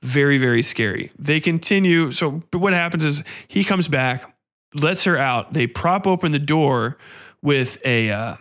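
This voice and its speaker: A man hosting a podcast, retelling a horror film in a casual, profane, animated way. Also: on the high side, measured pace. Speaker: podcast host. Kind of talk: casual film review chat.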